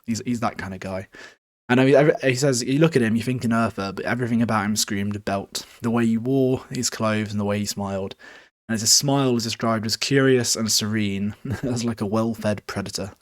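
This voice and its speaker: A man's voice: on the low side, fairly quick, no echo, clean studio sound. A man hosting a podcast, recapping a book in a casual, rambling way with swearing, fillers and self-corrections. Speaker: podcast host.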